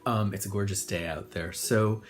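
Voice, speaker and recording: A man's voice: steady tone, moderate pace, soft background music. A man, an older hairdresser from Connecticut, telling rambling personal stories in a casual monologue full of fillers. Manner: chatty, rambling, full of fillers, acts out voices in high squeals.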